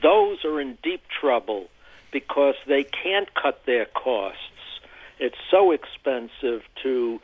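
A man's voice: medium pitch, expressive, no echo. A man being interviewed on the radio, explaining at length and often repeating words as he gathers his thoughts. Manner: halting, repeats words while thinking. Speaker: interview guest, energy commentator. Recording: tinny phone line.

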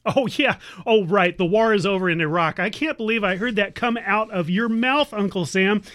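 A woman playing an exasperated family member who scolds her warmongering uncle in a sarcastic, nagging, teasing radio sketch. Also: medium pitch, normal speed, close to an everyday voice. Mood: scolding. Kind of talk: satirical radio monologue.

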